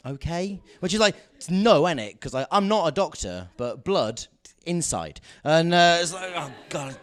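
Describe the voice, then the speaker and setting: A young man doing stand-up storytelling. His pitch swings widely, from low muttered asides up to excited, raised outbursts. The delivery is dry and deadpan one moment and mock-indignant the next. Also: normal speed, clear, resonant tone. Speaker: stand-up comedian.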